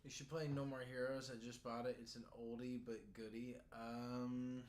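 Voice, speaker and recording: A man's voice: medium pitch, little pitch movement, normal speed, hardly any pauses, darkish tone. A man streaming from home, chatting casually in a loose, rambling way with many fillers and restarts and the odd swear word. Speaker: streamer and hobby card designer. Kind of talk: casual live-stream chat. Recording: roomy echo with faint background hum.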